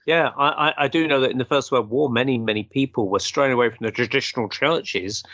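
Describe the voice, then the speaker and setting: A man's voice: mid-range voice, a little fast, a bit bright, dry recording. A man hosting a paranormal show, telling long, rambling anecdotes in casual conversation.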